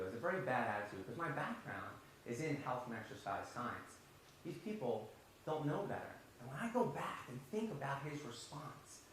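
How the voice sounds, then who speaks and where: A man telling an animated story on stage in a large, very echoey hall. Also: medium pitch, a little hiss or hum. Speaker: public speaker. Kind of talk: storytelling talk. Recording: very echoey hall, faint ambience.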